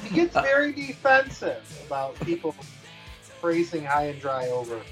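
A woman's voice: low voice, big pitch swings, normal speed, fairly bright tone. A woman co-hosting a casual music podcast, chiming in briefly. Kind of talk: casual chat about music.

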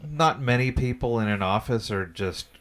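A man in casual chat, making dry, measured remarks. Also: medium pitch, a bit bright.

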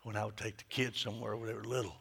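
A middle-aged male pastor preaching a sermon, moving between hushed whispers and loud, emphatic peaks. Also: fairly low pitch, flat delivery, very fast, gravelly, breathy edge.

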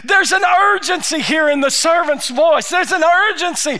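A male pastor, retelling a Bible story in an animated sermon, shouting in bursts and filling pauses with "uh". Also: very high voice.

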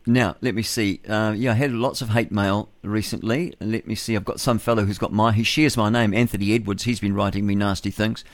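A man's voice: fairly low pitch, steady tone, brisk, few pauses, dry recording. A man hosting a radio talk show, rambling bluntly through his opinions and chuckling to himself. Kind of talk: opinionated solo radio monologue. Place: radio studio.

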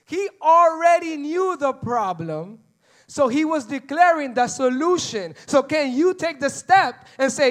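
A man preaching a sermon, animated, acting out little dialogues with God and repeating phrases for emphasis. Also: extremely high pitch, a little slow. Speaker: pastor.

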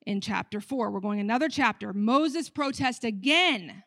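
An American woman pastor preaching a sermon, talking conversationally to the room and acting out dialogue with lively shifts in her voice. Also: on the high side, normal speed, no echo, clean studio sound. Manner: animated, acts out dialogue with her voice; conversational, asks the room questions.

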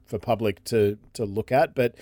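A man's voice: fairly low pitch, fairly even intonation, moderate pace, warm tone, no room sound, studio quality. A man co-hosting a casual podcast, rambling with fillers and restarts as he reads out a story summary. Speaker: podcast co-host. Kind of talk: casual chat, reading a synopsis aloud.

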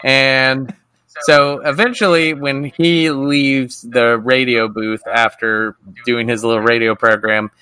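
A man's voice: mid-range voice, flat delivery, takes it slowly, bright, forceful tone, smooth, dry recording. A man co-hosting a podcast, casually recapping a TV episode, swearing freely and acting out the characters' lines. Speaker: podcast co-host.

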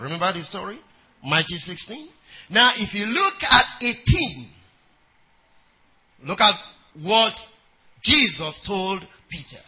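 A man preaching a sermon who reads scripture aloud in a measured cadence and often checks in with his congregation, with quick prayerful asides. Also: high voice, animated, bright, forceful tone, husky, low-quality recording.

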